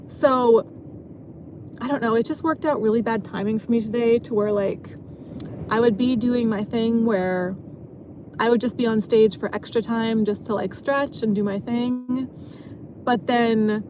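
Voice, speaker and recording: Woman, slightly high voice, casual vlog storytelling, rambling, lots of "like". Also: background noise. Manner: rambling, filler-heavy, frequent "like". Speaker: club dancer telling a work story.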